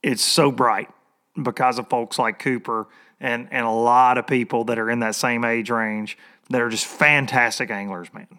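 A man's voice: mid-range voice, steady tone, normal speed, bright, forceful tone. A middle-aged man from Tennessee runs a casual podcast interview. He talks in a folksy, easygoing way and laughs often. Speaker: podcast host.

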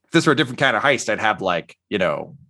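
A man's voice: fairly low pitch, sing-song, fast, pushed and bright, exaggerated voice. A man voicing a crude, grumbling heist mastermind in a tabletop game, raising his voice, cursing and sheepish.

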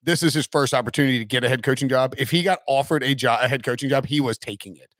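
A man's voice: mid-range voice, quick pace, fairly bright tone, no room sound, studio quality. A man hosting a casual sports talk show, rambling with many fillers and restarts. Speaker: podcast host.

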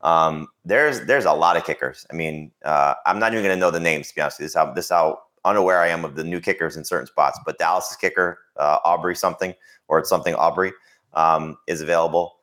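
Fast-talking deep-voiced fantasy analyst. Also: male voice, a bit bright. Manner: quick, offhand, hedging. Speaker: podcast analyst. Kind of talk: casual chat.

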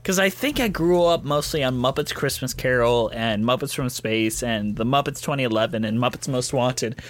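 A man co-hosting a casual podcast about a film, joking and laughing often and running through the show's plugs. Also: medium pitch. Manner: laughs often, reads ad breaks quickly. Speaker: podcast co-host. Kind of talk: casual chat.

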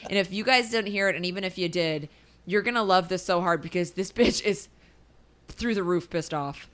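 A woman's voice: on the low side, normal speed, fairly bright tone. Teasing, profane woman co-host. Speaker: podcast co-host. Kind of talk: casual chat.

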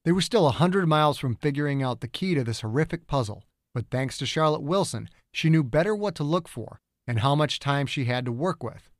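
A man narrating his own audiobook in a steady, measured storytelling style. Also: on the high side, dry recording, studio quality. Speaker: author and narrator.

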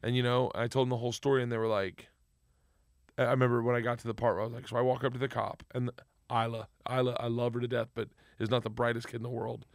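A man's voice: medium pitch, little pitch movement, fast, creaky, no room sound, clean studio sound. Rambling, laughing male comedian. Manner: rambling storyteller, loud bursts of laughter. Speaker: comedian guest. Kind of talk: casual podcast chat.

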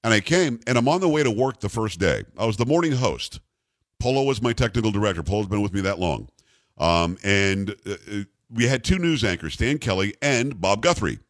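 Man, radio talk host, bass voice, lively rising and falling delivery, jokey storytelling, dry studio sound. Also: fairly quick, no echo. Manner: animated, jokey, puts on voices for the people in his stories. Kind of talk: casual on-air storytelling. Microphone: studio microphone.

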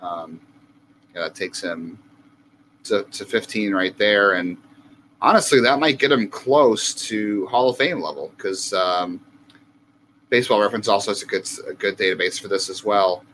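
A man's voice: lowish voice, moderate pace, a bit bright, a little hiss or hum, rough recording. A man co-hosting a casual sports podcast, thinking aloud about numbers with many fillers. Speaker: podcast co-host.

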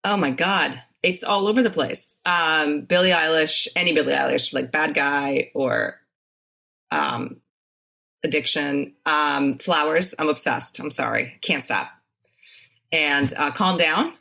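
A woman's voice: low voice, takes it slowly, gravelly, pushed and bright. A woman from Brazil, an actress guest in a casual interview, who talks in a laughing, self-deprecating way.

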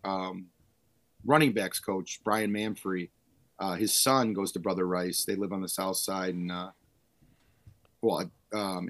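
A man in his thirties, a high school football coach, telling stories in a casual podcast chat and acting out what people said, with frequent laughs. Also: no echo. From Illinois, Chicago suburbs. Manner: storytelling, acts out quotes loudly, laughs often.

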